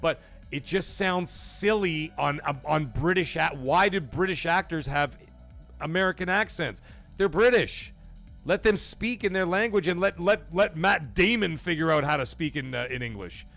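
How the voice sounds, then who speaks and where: A man from Canada hosting a casual livestream podcast, reading viewer messages aloud. He rambles, swears freely, and his energy swings between high and low. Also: expressive, moderate pace, gravelly, fairly bright tone, soft background music.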